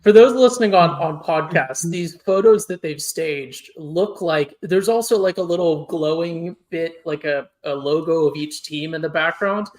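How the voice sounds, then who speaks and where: A man co-hosting a podcast, ranting in an animated, exasperated way during a casual food-ranking chat. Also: on the high side, normal speed, few pauses. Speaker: podcast co-host.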